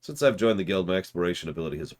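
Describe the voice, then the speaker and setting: A man voicing a cheerful, excitable young female flower apprentice, reading game dialogue aloud on stream in a gushing, bubbly way. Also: low-pitched, rapid-fire. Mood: excited.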